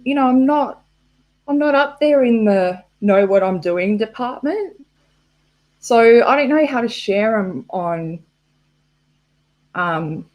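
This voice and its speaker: Slow, rambling woman streamer. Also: mid-range voice, a little mellow. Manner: rambling, swearing, laughing at herself. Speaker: live-stream host. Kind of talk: casual live-stream chat. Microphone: laptop mic.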